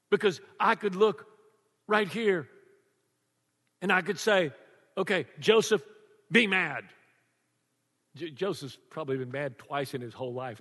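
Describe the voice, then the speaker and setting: An older man preaching a sermon to a congregation, animated and joking, laughing often. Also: sits high. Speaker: pastor. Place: church before a congregation. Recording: long reverb of a large church.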